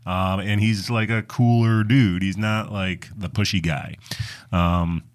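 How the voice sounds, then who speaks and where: A man's voice: on the low side, fairly even intonation, slow. A man co-hosting a casual chat about his parts manager job, laid back and hesitant.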